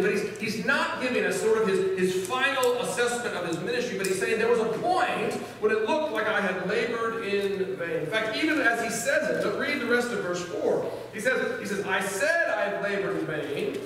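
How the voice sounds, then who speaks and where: A man's voice: high voice, a bit bright, slight background noise. A pastor preaching a sermon in an earnest manner, often repeating words as he starts a sentence. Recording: echoey church hall from far off.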